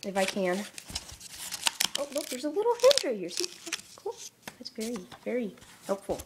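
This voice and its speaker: A woman's voice: on the high side, wildly swooping pitch, moderate pace, very noisy. Rambling young woman unboxing a case. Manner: rambling and self-mocking, dropping to mutters and whispers. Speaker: product unboxing vlogger. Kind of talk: casual unboxing commentary.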